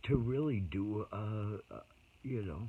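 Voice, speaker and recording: Older man, gravelly and emotional. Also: lowish voice, expressive, unhurried. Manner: emotional, trails off mid-sentence, drops to whispers. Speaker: performer. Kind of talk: rambling personal storytelling monologue. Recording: tinny phone-like audio with faint ambient hiss.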